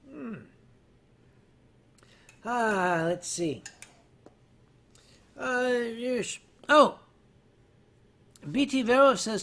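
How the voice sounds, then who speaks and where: Older guy streaming with a drink in hand, rambly stories, gets loud on the punchlines. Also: sits high. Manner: rambling, self-mocking, loud bursts on punchlines. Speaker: livestream host. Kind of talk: casual storytelling to a chat.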